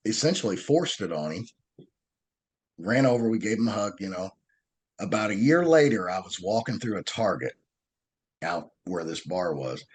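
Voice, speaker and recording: Earnest low-voiced storytelling man. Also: husky. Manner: earnest, animated, restarts sentences often. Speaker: podcast guest. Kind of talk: conversational storytelling.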